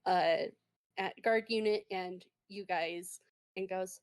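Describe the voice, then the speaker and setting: Woman game master, slow, rambling, lots of fillers, describing scenes. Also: medium pitch, fairly even intonation, clean tone. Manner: meandering, full of fillers. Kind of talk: narrating a tabletop game.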